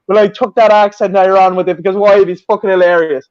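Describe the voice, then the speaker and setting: A man chatting casually as a podcast host, telling animated stories full of swearing. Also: high-pitched, fast talker, hardly any pauses, no room sound, lo-fi sound. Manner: profane, animated storyteller. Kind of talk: casual storytelling chat.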